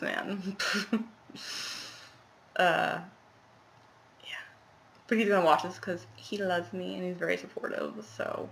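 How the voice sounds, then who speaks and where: A woman's voice: lowish voice, vocal fry, sharp tone, a little hiss or hum. A young woman chatting casually to camera about her cross-stitch, rambling with laughing asides, recorded at home in a small apartment.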